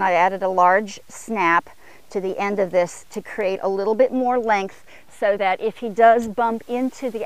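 A woman trainer talks through longeing a horse in a riding arena, mid-pitched and steady. She breaks off into short commands to the horse, lifting her tone when she asks for more speed. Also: dry recording. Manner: calls short commands to the horse, rising for upward gaits. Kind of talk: instructional demo while longeing a horse. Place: outdoor arena corner.

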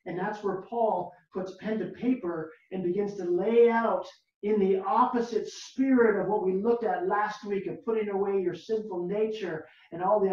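A pastor preaching a sermon slowly and emphatically, repeating key words and asking the listeners rhetorical questions. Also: medium pitch, a little mellow. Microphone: video call, far from the mic. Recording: very echoey, distant, dull lo-fi video call audio.

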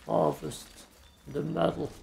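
A man's voice: fairly high pitch, steady tone, slow, gravelly, darkish tone, a little hiss or hum. A man giving casual, self-mocking commentary while he plays a video game. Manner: dry, self-mocking remarks while playing. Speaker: gameplay streamer. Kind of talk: casual let's play commentary.

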